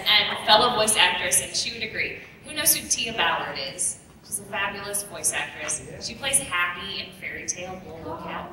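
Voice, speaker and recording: A woman with a slight Texas drawl speaks in a mid-range voice on a convention panel, chatty and animated with playful asides. She is heard from a distance in a very echoey hall with a clear hum of noise behind her. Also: on the low side, a little fast, few pauses. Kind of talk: panel Q&A answering audience.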